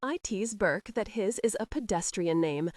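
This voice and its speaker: A woman's voice: mid-range voice, expressive, moderate pace, a little mellow, no echo, lightly acted. A woman voicing a charming, teasing nobleman who speaks in an easy, casual drawl.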